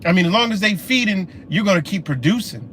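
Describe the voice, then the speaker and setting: A man's voice: high-pitched, fast talker, a little hiss or hum. Profane man ranting on a livestream. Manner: profane, animated, talks back to comments. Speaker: livestream host. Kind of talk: casual livestream rant.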